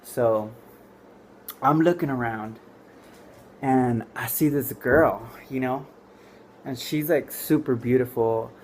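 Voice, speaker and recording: A man's voice: medium pitch, slow, long pauses, a little mellow, a little hiss or hum. A man telling a comic story to camera, rambling and full of "like" and "you know". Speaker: comedian storyteller.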